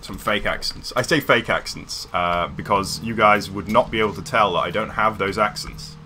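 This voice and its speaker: A man's voice: lowish voice, normal speed, bright, forceful tone, faint music behind. A man from near London, chatting casually on a game livestream, rambling with many fillers and restarts. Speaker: streamer. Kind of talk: casual livestream chat while gaming.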